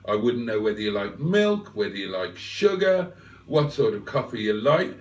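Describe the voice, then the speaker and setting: In an echoey room with a distant mic, a medium-pitched man talks at normal speed with big pitch swings. He's hosting a live stream, casually going through viewer comments and rambling with fillers and tangents.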